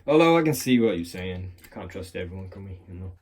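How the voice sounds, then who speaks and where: Here the lock-picking enthusiast sounds low-pitched and sing-song, quick, darkish, and slightly rough. He chats loosely while demonstrating, swearing and ribbing himself, with a clamped phone doing the recording.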